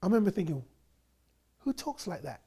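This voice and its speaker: A man from England telling his personal faith story in a lively, animated way, acting out the quoted voices of others. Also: high voice, a little fast, creaky, slightly rough.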